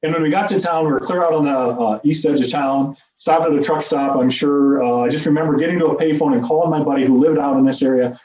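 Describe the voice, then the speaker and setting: A middle-aged man tells a story from a stage at a rapid clip, his voice warm and mellow. He talks with animated, self-deprecating humor. The sound is echoey, distant and a bit dull, as if picked up by a room mic. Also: on the high side. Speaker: speaker at a meeting. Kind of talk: personal storytelling speech. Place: meeting room.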